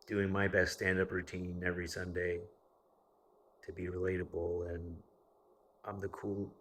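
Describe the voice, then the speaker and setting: Low, husky, profane man rambling. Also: monotone, a little slow, fairly bright tone. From United States. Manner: profane and rambling, with frequent fillers. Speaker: vlogger. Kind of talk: casual storytelling monologue.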